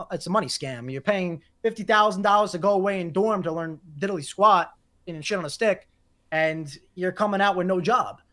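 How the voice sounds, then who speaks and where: A man's voice: high voice, fairly bright tone. Rambling young New man. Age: 20s. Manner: fast rambling, repeats words, swears casually. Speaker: guest content creator. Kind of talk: casual podcast chat.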